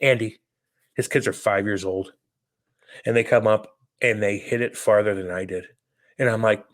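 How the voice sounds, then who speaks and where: A man in his thirties co-hosting a podcast, telling stories in a profane, animated, casual way. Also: on the low side, brisk. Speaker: podcast co-host. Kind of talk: casual chat.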